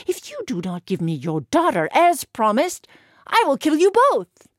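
A man's voice: high voice, big pitch swings, normal speed, no echo, studio quality. Woman doing a proud fierce hedgehog-man hero. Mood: scornful. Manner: declaiming, scornful.

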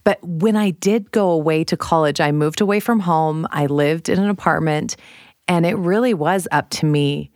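A woman's voice: deep voice, moderate pace, darkish tone, no echo, studio quality. A middle-aged woman chatting as a guest, teasing her sister playfully. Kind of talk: casual chat.

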